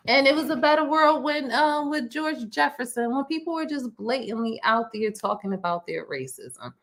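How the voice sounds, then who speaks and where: A woman, co-hosting a casual podcast and telling stories with lots of fillers and restarts. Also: high voice. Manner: rambling, animated storytelling with many fillers and restarts. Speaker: podcast co-host. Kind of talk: casual chat.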